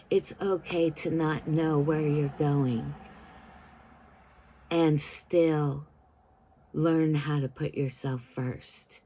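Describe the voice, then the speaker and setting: Slow, mellow-voiced woman in her fifties. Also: low-pitched. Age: 50s. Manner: earnest, emotional and deliberate. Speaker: vlogger. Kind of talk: heartfelt spiritual talk to camera.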